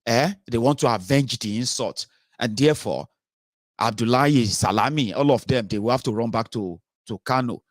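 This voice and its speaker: A man's voice: medium pitch, moderate pace, no echo, clean studio sound. A Nigerian man giving an impassioned commentary monologue, emphatic and rhetorical, with many filler sounds. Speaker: political commentary host.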